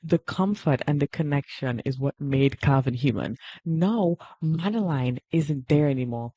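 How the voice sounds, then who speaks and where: A young woman streaming while she draws, chatting casually and rambling excitedly and emotionally. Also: deep voice, measured pace, slightly rough, no echo, lo-fi sound. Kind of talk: casual livestream chat while drawing.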